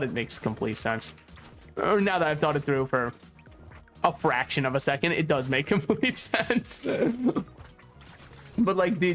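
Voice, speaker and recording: Man, slightly high voice, rambling gameplay commentary, jokey and profane, faint game music behind. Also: fairly bright tone. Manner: rambling, joking, swears freely, laughs often. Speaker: gaming YouTuber.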